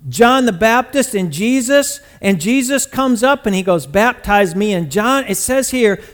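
A man's voice: very high voice, expressive, a little slow. A male pastor preaching a sermon in an emphatic manner, repeating phrases for stress.

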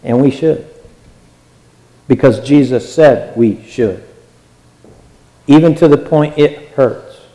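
Slow, earnest preacher with ringing reverb. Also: male voice, medium pitch, dark tone. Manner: earnest and exhortative, with repeated phrases. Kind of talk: sermon. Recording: long hall reverb.

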